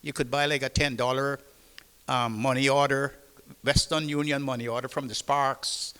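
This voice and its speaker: An older man from the Cayman Islands with a Caymanian accent, telling lively seafaring anecdotes to an audience at a public talk. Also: mid-range voice, normal speed, smooth, in a large hall. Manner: lively anecdotal storytelling with acted-out dialogue. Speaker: retired seafarer on a panel. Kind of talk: storytelling to an audience.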